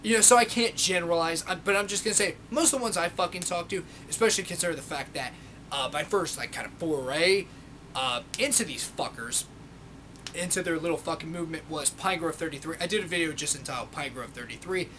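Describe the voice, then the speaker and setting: Young male vlogger, high-pitched, profane and mocking, faint noisy recording. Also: quick pace, sharp tone. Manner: sarcastic, swears constantly, mocks others in put-on voices. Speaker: video blogger. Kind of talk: profane ranting monologue.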